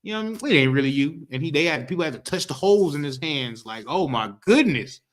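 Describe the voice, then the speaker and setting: A street teacher of a history class, this man teaches scripture in slangy street talk, his voice a little high and expressive. He reads verses slowly, then explains them loosely, peppering in "right?" and acting out reactions.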